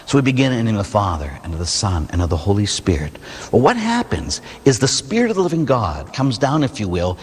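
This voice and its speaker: Catholic priest man preaching, lively ups and downs, bit husky, big echoey church. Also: fairly low pitch, quick pace. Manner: animated, storytelling, rhetorical "huh?" asides. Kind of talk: sermon. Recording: long hall reverb.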